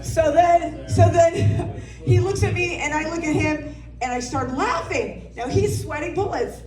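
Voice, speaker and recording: A woman's voice: extremely high pitch, unhurried, music in the background. A woman in her thirties performing a brash, profane stand-up comedy set, telling stories about parenting with laughs. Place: comedy club stage. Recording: roomy sound from a distant mic.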